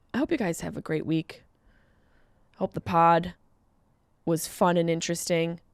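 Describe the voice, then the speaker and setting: A woman comedian hosting her podcast, talking casually and jumping into high, loud exclaims. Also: clear, resonant tone, no echo, clean studio sound. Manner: animated, jumps into high exclaims.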